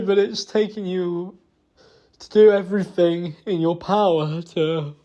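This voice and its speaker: A young man apologising to his partner in a private talk, halting and remorseful, stumbling over fillers and swearing. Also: high-pitched, steady tone, mellow, lo-fi sound.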